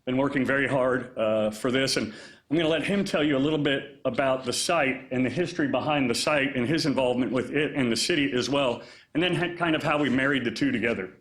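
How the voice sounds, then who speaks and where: A man speaking as mayor at a press conference, relaxed and chatty with frequent fillers. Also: mid-range voice, fast talker. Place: indoor press conference room. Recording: echoey room.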